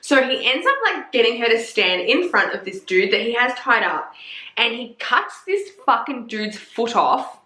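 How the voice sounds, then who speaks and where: A woman's voice: a little high, normal speed. A young woman, chatting casually and sassily about books, swearing freely. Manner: sweary, sassy and animated. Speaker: book reviewer. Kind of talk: casual chat. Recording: echoey room.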